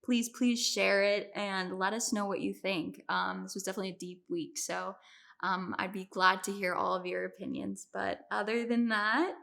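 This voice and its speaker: A young woman hosting a podcast, chatting casually and closing the episode warmly, with Arabic thanks at the sign-off. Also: medium pitch, little pitch movement, moderate pace, creaky. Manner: warm wrap-up, signs off with Arabic thanks. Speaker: podcast host. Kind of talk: casual chat.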